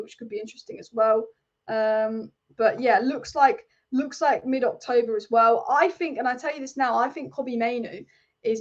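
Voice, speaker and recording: Young woman, football stream host, blunt and chatty; slightly high voice, dull lo-fi sound. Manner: chatty, blunt opinions, reads out viewer comments. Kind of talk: live-stream football chat.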